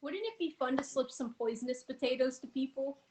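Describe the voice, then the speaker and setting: A woman's voice: high voice, a little fast, noisy background. A woman playing a character in a tabletop role-play over voice chat, talking playfully and mischievously. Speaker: player.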